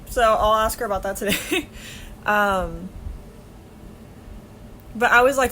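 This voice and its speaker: A woman's voice: medium pitch, unhurried, long pauses, a bit bright, slight background noise. A young woman vlogging casually, rambling through a story, swearing a lot and laughing often.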